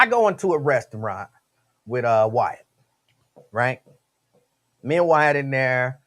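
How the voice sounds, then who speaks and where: A man hosting a talk radio show, telling stories in an animated, slangy way. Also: medium pitch, unhurried, long pauses.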